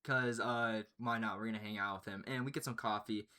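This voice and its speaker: A young man telling a story in casual chat, excitable and profane, often breaking into laughter. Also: lowish voice, brisk. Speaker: storyteller, channel host.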